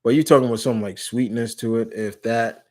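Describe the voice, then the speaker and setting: A man's voice: mid-range voice, fairly even intonation, fast talker, a little mellow. A man hosting a live stream Q&A in casual chat, rambling and often restarting or correcting himself mid-sentence. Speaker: live stream host answering viewer questions.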